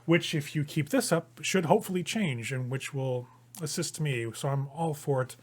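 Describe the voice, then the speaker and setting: A man voicing a cool, condescending vampire noblewoman who speaks in a dry, measured way. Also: fairly high pitch, natural voice.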